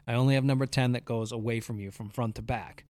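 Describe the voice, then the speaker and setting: A man's voice: medium pitch, fairly even intonation, quick pace, darkish tone. A man who works at a golf course, telling a story in casual chat, swearing often and acting out the golfers' voices.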